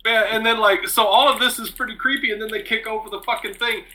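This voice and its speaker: A man co-hosting a casual podcast chat, telling a story with animated energy, swearing freely and laughing often. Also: high-pitched, fast talker, background noise. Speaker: podcast co-host.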